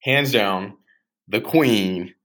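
A man's voice: fairly low pitch, extremely slow, a bit bright, low-quality recording. A young man as a podcast guest in casual chat, laid-back, laughing a lot and swearing casually.

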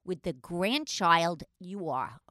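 This older woman spins a family story as a podcast co-host, her pitch swooping all over as she acts out other people, cursing freely. Her voice is bright and edgy, and the sound is dry and close with no room around it. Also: slow pace, no room sound. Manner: animated, swearing, acts out voices. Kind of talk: casual storytelling chat.

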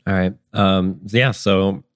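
A man running a tabletop game as game master, talking in a loose, halting way full of ums and likes. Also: sits low, steady tone, no room sound, clean studio sound.

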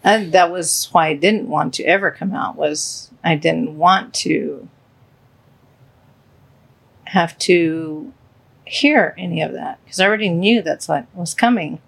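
A woman co-hosting a podcast with her spouse, speaking in a halting, hesitant, emotional way. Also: on the low side, vocal fry, husky. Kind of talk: casual heartfelt podcast chat.

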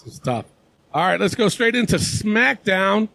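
A man hosts a casual podcast with a high, gravelly voice. He meanders and hedges as he talks, and his voice comes through dry and close with no room sound. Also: very animated, unhurried, sharp tone, no room sound. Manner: meandering, hedging delivery. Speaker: podcast host.

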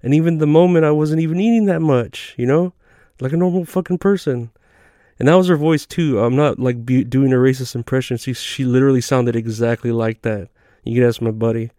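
A man's voice: medium pitch, brisk, mellow, no room sound, clean studio sound. A man hosting a comedy podcast, telling rambling, profane stories in a laid-back, casual way. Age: adult.

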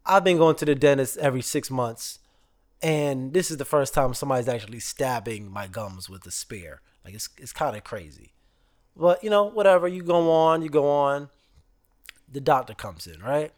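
A man's voice: mid-range voice, normal speed. A man in his thirties hosting a podcast, telling stories in a casual, joking, slangy way. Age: 30s. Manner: animated storytelling, slangy and joking. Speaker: podcast host. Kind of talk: casual chat.

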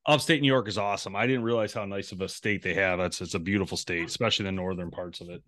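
Casting note: low-pitched male podcast co-host, rambling casual storyteller, dry close sound. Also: fairly even intonation, fast, fairly bright tone, dry recording. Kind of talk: casual chat.

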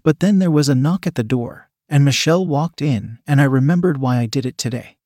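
A man reading a first-person story aloud in a calm, measured, coldly sly manner. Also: medium pitch, no echo, clean studio sound.

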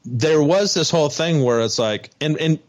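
A man co-hosting a casual podcast chat, retelling a reality show in an animated way and acting out the quotes. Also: fairly high pitch, moderate pace, highs cut off. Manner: animated storytelling, acts out quotes. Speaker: podcast co-host.

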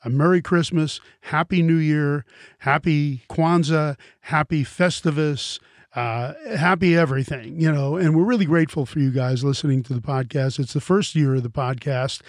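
A man's voice: on the high side, moderate pace, no room sound, studio quality. Joking older male podcast host. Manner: upbeat, joking, talkative. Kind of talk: casual chat.

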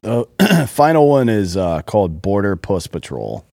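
A man co-hosting a podcast, reading memes and captions aloud in a relaxed, casual way. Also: lowish voice, a little slow, vocal fry, dry recording, clean studio sound. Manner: laid-back, reads memes and captions aloud. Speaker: podcast co-host. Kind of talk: casual chat.

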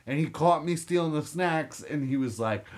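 A man's voice: a little high, normal speed. A young man co-hosting a podcast, telling a profane, rambling story in a casual chat. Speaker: podcast co-host.

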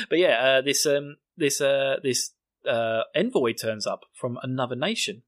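A man's voice: medium pitch, moderate pace, a bit bright, no room sound. Sarcastic British man, dry sound. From Britain. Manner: sarcastic, jokey and rambling. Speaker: podcast host. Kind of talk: casual episode recap.

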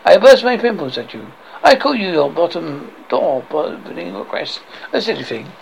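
A man voicing a haughty, jeering male French castle guard, reading out absurd insults in a flat, plain voice. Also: a little high, normal speed, vocal fry, slight background noise, heavily acted, low-quality recording. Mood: taunting.

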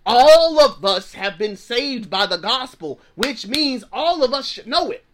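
A man's voice: very high voice, very animated, measured pace, noisy background. A man in his thirties, a pastor preaching with fervor, repeating phrases for emphasis and dropping into plain slang. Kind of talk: preaching sermon.

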